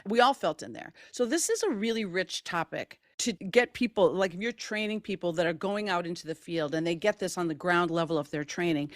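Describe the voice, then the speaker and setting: A middle-aged woman hosting a podcast, telling stories in animated casual conversation and laughing often. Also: mid-range voice, no room sound, studio quality. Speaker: podcast host.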